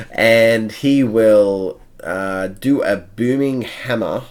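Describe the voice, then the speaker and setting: A male game master with a deep voice narrates a tabletop battle at an unhurried pace. He is measured, counting out each move step by step.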